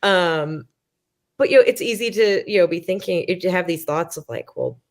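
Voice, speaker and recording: A woman's voice: lowish voice, expressive, normal speed. A woman in her thirties, a podcast guest, candidly telling a personal story with many fillers and restarts, self-deprecating, acting out her own past thoughts. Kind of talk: conversational storytelling.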